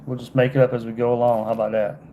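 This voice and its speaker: Rapid-fire and flat, a medium-pitched man talks through dull audio over background noise. He's a Southern-accented fishing guide from Georgia, USA, casually tying flies on a livestream in a folksy, chatty way, forever addressing his viewers as "y'all".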